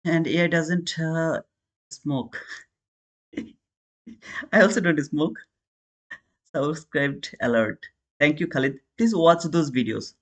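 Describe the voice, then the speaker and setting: Speaking slowly and pausing often in a slightly high voice, an Indian-accented day trader hosts a live trading stream. He talks casually with viewers, calls them brother, and responds to the chat.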